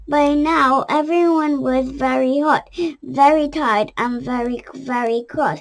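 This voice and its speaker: Woman reading a kids' picture book aloud, high voice, slow and careful. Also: fairly even intonation. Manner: careful with small restarts. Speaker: storyteller.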